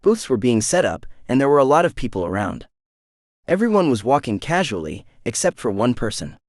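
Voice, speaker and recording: Lively, expressive male audiobook narrator. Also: medium pitch, a little fast, no echo, clean studio sound. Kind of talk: first-person romance audiobook narration.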